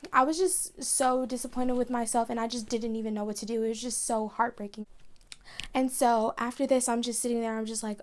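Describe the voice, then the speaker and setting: A woman's voice: on the high side, fairly even intonation. A young woman telling a personal story in a vlog, chatty and emotional, with lots of "like" as she talks. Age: young adult. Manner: chatty, emotional, fast retelling with many "like"s. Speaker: vlogger.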